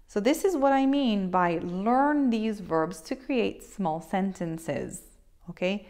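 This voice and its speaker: An Italian woman teaching a beginner language lesson, clear and patient, often checking in with a quick "okay?". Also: on the low side.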